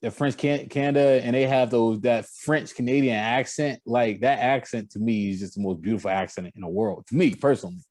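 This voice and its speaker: A young man co-hosting a casual sports podcast, talking in an animated, laughing way with a jumpy pitch. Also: fairly quick, hardly any pauses, no echo. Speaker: podcast co-host.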